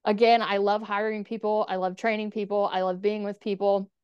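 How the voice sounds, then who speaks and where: A woman speaks with a smooth, clear voice that sits at an ordinary middle pitch. She tells her own story candidly, swears bluntly and scatters "like" throughout. The sound is close and dry, with no room around it. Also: little pitch movement, a little fast, darkish tone, dry recording, highs cut off. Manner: frank, swears freely, many "like" fillers. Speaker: podcast guest.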